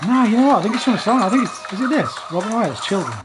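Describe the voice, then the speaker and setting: A man's voice: high voice, lively intonation, very fast, over music. A man chatting casually while streaming a game, humming snippets and swearing freely. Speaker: streamer playing a survival game. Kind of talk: casual chat over music videos.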